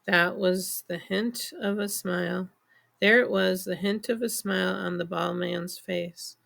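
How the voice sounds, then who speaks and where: A woman narrating a novel in the first person, in measured storytelling. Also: on the low side, steady tone, vocal fry, fairly bright tone. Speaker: audiobook narrator. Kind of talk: scripted audiobook narration.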